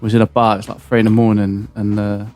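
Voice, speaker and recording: A man's voice: on the low side, little pitch movement, fast talker, a little mellow, faint music behind. A man co-hosting a podcast, telling a casual, rambling story full of fillers. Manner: rambling anecdote teller with frequent fillers. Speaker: podcast co-host.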